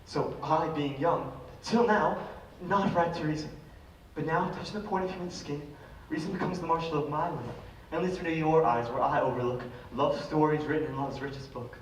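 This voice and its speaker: An ardent young lover, acted by a man, declaims his lines in a somewhat high voice. He is heard from far across an echoing school auditorium. Faint room noise runs underneath. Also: steady tone, moderate pace, lightly acted. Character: ardent young male lover, smooth-talking. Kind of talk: live stage play. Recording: echoey hall from far off.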